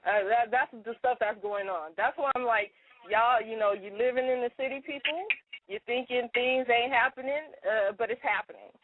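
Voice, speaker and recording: On a casual radio chat, a woman with a fairly high-pitched voice rants indignantly and quickly while reading a letter aloud. She's co-hosting from a parked car over a tinny, dry phone line, with slight background noise.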